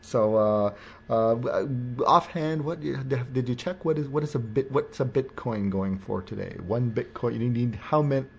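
A man's voice: medium pitch, moderate pace, creaky, breathy edge. A man hosting a podcast in casual chat, rambling and joking with many restarts. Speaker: podcast host. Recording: dull lo-fi recording.

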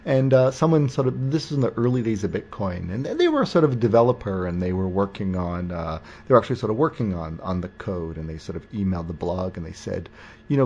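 A man's voice: low-pitched, expressive, quick pace, darkish tone, husky. A man hosting a podcast in casual chat, rambling and joking with many restarts. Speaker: podcast host. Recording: dull lo-fi recording.

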